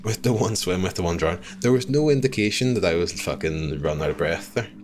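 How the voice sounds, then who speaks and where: A man streaming a game live, chatting with viewers, swearing freely and reacting loudly to what happens on screen. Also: low-pitched, animated, fairly quick. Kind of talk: live gameplay commentary.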